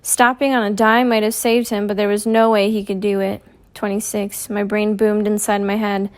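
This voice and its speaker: A woman reading a first-person novel aloud in a measured, clear storytelling manner. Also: mid-range voice, level tone. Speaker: audiobook reader.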